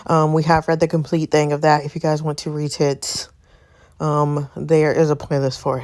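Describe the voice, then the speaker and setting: A woman's voice: deep voice, flat delivery, normal speed, darkish tone. A woman chatting casually with viewers between story lines, out of breath. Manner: chatty, addresses viewers as y'all. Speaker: story game reader. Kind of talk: casual chat while reading.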